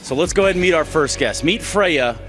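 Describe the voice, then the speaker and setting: Casting note: brash talk-show host man, very lively swings in pitch, loud music behind. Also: fairly quick. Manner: loud showman, calling to an audience. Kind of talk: comedic daytime talk-show host parody.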